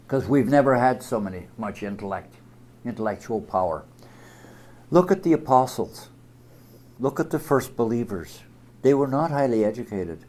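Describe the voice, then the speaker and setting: Emphatic man giving a religious talk. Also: medium pitch. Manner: emphatic, sweeping swings in loudness. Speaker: speaker.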